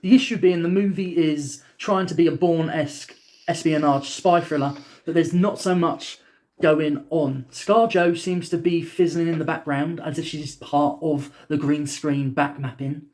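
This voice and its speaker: A man's voice: fairly high pitch, steady tone, unhurried, a little mellow. A man co-hosting a casual film review, opinionated and rambling with many fillers.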